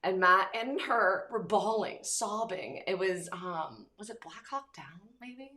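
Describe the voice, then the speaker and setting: Woman host, mid pitch, lively storyteller who acts out quotes, echo of the room around her. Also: slow. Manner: animated storytelling, acting out quotes. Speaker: podcast host. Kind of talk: casual chat. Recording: roomy echo.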